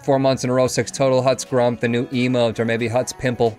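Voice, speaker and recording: A mid-pitched man streams a video game and chats casually with a friend. He rambles loosely and drops swear words into his talk, with faint game music underneath. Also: level tone, a little fast, darkish tone. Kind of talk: casual gameplay chat.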